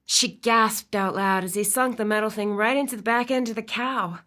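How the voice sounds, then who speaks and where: Expressive woman audiobook narrator, storytelling voice, soft in tender moments. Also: medium pitch, moderate pace. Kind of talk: scripted narration.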